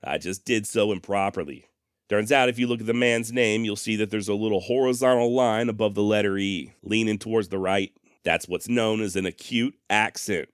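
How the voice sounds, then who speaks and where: A man's voice: on the low side, moderate pace, clean tone, no room sound, clean studio sound. A man hosting a history podcast, joking at his own expense with a sarcastic, folksy humor. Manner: self-deprecating, sarcastic humor. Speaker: podcast host. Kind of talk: casual history podcast narration.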